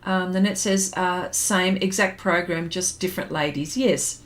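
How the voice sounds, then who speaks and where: Slow, chatty woman. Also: on the low side, steady tone. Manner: rambling, reminiscing, with many fillers and laughs. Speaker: art livestream host. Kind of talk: casual chat while drawing and reading viewer comments.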